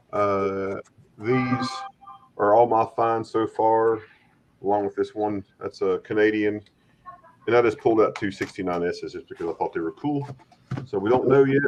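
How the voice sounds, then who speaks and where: Deep-voiced man chatting on a stream. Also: rough recording. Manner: rambling, friendly, repeats words. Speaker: stream host. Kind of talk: casual livestream chat. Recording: faint background noise.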